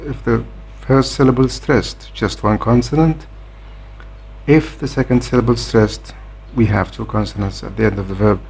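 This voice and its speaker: Gravelly-voiced man teaching grammar. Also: mid-range voice, darkish tone. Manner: measured, with frequent "uh" hesitations. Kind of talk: grammar lesson explanation.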